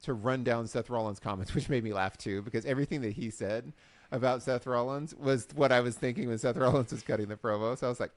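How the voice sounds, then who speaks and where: Animated man recapping with a co-host. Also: mid-range voice, fast, no room sound. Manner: animated storyteller, acts out quotes. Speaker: podcast co-host. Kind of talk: casual chat.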